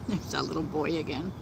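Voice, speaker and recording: A woman chatting gently on a live stream from outdoors, laughing often. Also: sits low, vocal fry, heavy background noise. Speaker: vlogger. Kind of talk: casual live-stream chat. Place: outdoors in nature.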